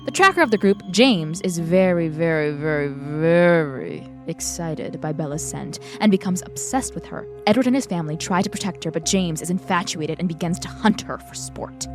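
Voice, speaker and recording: A woman co-hosting a film podcast, talking in an excitable, gushing and playful way. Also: on the low side, a little fast, hardly any pauses, music in the background. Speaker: podcast co-host. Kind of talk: casual film review chat.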